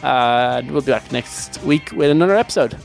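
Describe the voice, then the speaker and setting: A man's voice: medium pitch, moderate pace, vocal fry, music in the background. An Irish man co-hosting a podcast in casual chat, telling stories and laughing often. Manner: laughs often, restarts, storytelling. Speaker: podcast co-host.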